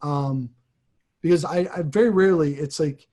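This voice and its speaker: A man, a priest, talking reflectively in a casual conversation, pausing and restarting his sentences often. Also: a little high, dark tone. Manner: reflective, halting, frequent restarts.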